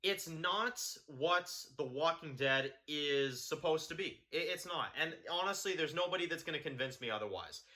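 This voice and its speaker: A man's voice: a little high, animated, moderate pace, hardly any pauses, sharp tone. A man giving a blunt, profane, heated video review of a TV show.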